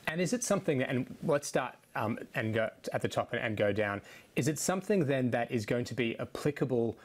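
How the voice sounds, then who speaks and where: A man's voice: medium pitch, expressive. A man, a tech journalist presenting a TV interview and asking questions with frequent restarts and fillers. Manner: halting, many restarts and fillers.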